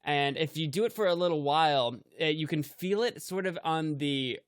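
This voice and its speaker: A man's voice: on the high side, normal speed, dry recording. A man co-hosting a casual podcast, self-deprecating and often breaking into laughter. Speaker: podcast co-host and YouTuber.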